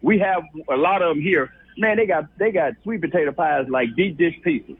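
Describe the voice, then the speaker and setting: A laid-back man calls in on a tinny phone line, his voice fairly high. He chats and teases easily, with a faint hiss behind him. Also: lively intonation, moderate pace. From Memphis, Tennessee. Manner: laid-back, laughing, teasing. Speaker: radio caller. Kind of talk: casual phone chat. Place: grocery store.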